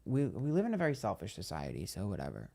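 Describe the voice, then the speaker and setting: A man's voice: on the low side, huge pitch swings, fast talker, gravelly, dark tone. Blunt, chatty young man. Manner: blunt, candid, heavy use of "like". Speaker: psychic tarot streamer. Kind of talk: casual chat reading viewer comments.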